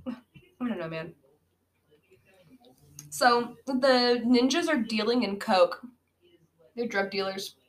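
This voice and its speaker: Woman, podcast co-host, casual movie chat, rambling, fillers, laughs a lot, higher voice. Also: lively intonation, slow pace, pauses often, low-quality recording.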